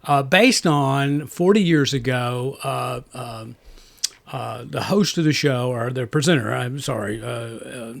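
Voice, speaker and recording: A man co-hosts a movie review podcast, talking casually and rambling, with many restarts and fillers. His voice is medium-pitched and unhurried, with vocal fry.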